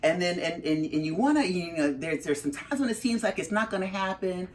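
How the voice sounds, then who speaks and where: A middle-aged woman, the mother of a parolee, telling her story in an interview and acting out her own reactions with big leaps in her voice. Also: brisk. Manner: animated, acts out her own reactions with big jumps in pitch.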